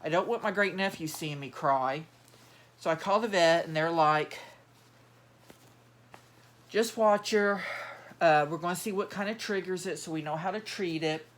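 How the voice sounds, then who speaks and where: A middle-aged woman with a drawl chats on and on in a loose, rambling way, stopping and restarting her thoughts. Her voice sits a little low for a woman. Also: moderate pace, pauses often. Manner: rambling, chatty, many fillers and restarts. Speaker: doll collector vlogger. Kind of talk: rambling casual chat while handling dolls.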